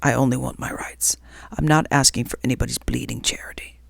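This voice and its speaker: Woman whispering as a gruff, aggrieved big ghost. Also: a bass voice, fairly even intonation, a little fast, no room sound, clean studio sound, pitched below the performer's own voice, full character voice. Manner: grumbling, self-righteous complaining. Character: coarse, resentful big male ghost. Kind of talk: whispered role-play.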